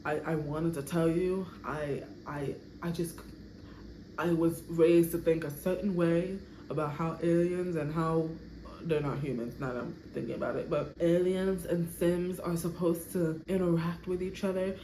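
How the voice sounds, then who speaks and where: A woman voicing an alien bride who makes an earnest, halting confession of love in a soft voice. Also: low voice, steady tone. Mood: earnest pleading. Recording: echoey room, faint background noise.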